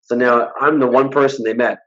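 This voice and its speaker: A man's voice: mid-range voice, brisk, dull audio. A man guesting in a casual interview, talking bluntly and acting out the people he quotes. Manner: blunt, animated storyteller who acts out quoted dialogue. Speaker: hypnotist guest.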